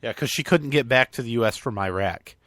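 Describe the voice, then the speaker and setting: A man's voice: medium pitch, fairly quick, fairly bright tone, dry recording, clean studio sound. A man hosting a casual talk show, bluntly explaining and correcting the news. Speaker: host. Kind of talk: casual chat.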